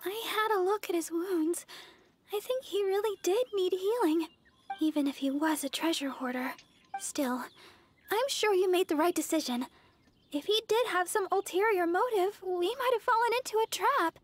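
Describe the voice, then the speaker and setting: A woman voicing a sweet young female deaconess healer, gentle and hesitant, in game character dialogue. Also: extremely high pitch, moderate pace.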